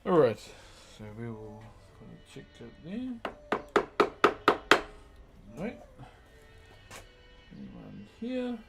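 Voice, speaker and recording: A man's voice: mid-range voice, huge pitch swings, extremely slow, vocal fry, pauses often. A man with a New Zealand accent chatting casually with viewers on a live stream while he works, friendly and laid-back, calling people bro. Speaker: live-streaming wood carver. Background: music.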